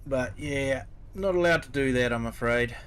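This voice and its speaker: A man's voice: medium pitch, moderate pace, smooth. A middle-aged man with a New Zealand accent, chatting casually with viewers on a game stream. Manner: relaxed, chatty, replies to viewers. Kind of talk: casual live-stream chat.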